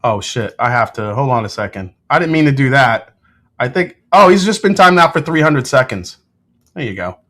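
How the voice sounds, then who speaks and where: A relaxed man chats through a whiskey tasting on a livestream. His voice sits in a middle pitch, and he talks in a loose, joking way. He swears freely and banters with the people in his chat. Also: moderate pace. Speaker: whiskey reviewer hosting a livestream.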